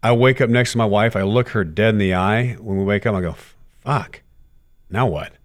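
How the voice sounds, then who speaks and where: A middle-aged man giving a candid interview, telling his stories with animated quoted dialogue and frequent cursing. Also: on the low side, quick pace. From United States. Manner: animated storyteller, curses freely, acts out quotes. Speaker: guest, former baseball player.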